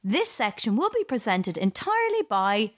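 Sarcastic woman comedian, lively pitch. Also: moderate pace, no room sound, studio quality. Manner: sarcastic, laughs at her own jokes. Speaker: podcast host, comedian. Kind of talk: comic political monologue.

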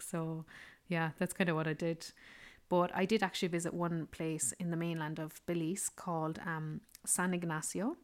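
A woman's voice: fairly low pitch, darkish tone. A woman telling a rambling, casual travel story, full of "like" and "yeah". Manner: chatty, rambling, fond of fillers like "like" and "yeah". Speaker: travel vlogger.

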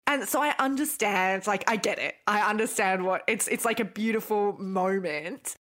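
Woman, podcast co-host, mid-pitched voice, chatty and earnest in casual talk. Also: moderate pace, a bit bright. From Australia. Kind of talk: casual chat.

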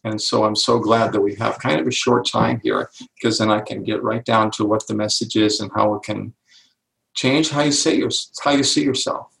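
An older man tells stories as an interview guest, leaning on key words and slowing right down to stress them. His voice has a gravelly edge. The room is echoey around him. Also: fairly low pitch, fairly even intonation, fairly bright tone. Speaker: author and speaker, guest. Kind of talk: interview storytelling.

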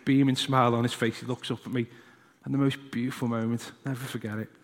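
A man's voice: medium pitch, little pitch movement, fast, big-room sound. A man preaching a sermon and telling a personal story, sometimes acting out his young son's questions. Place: church hall.

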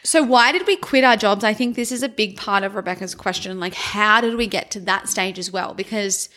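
A young adult woman co-hosting a podcast who tells stories in an animated way, peppered with "like". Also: mid-range voice, a little fast. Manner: animated storyteller, heavy use of "like". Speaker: podcast co-host. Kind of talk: casual chat.

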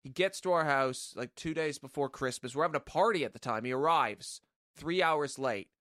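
A man guesting on a comedy podcast, telling animated anecdotes with dry asides. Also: medium pitch, moderate pace, dry recording.

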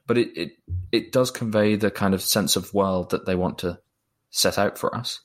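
A man's voice: low voice, normal speed. A man talking through a film in a casual chat, thoughtful and a little hesitant, often repeating words. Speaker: film reviewer.

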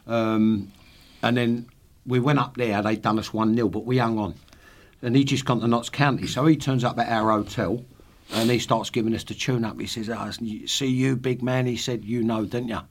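A man's voice: mid-range voice, steady tone, normal speed. A man in his sixties, a podcast guest, telling swearing football anecdotes with laughs. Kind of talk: casual storytelling.

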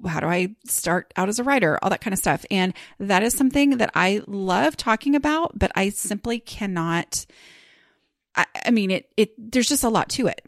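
A woman's voice: mid-range voice, animated, moderate pace, no room sound, clean studio sound. A woman hosting her podcast in casual chat, rambling and chatty with lots of fillers and restarts. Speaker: podcast host.

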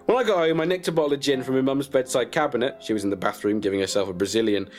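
A man narrating a comic story in a deadpan way, chuckling at his own jokes. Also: mid-range voice, rapid-fire, soft background music. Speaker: comedian storyteller.

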